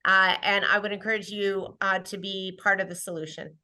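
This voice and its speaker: A woman's voice: medium pitch, fairly even intonation, moderate pace, bright, forceful tone. A woman in manufacturing answering a youth question, earnest and encouraging, with some hesitations. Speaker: industry panelist.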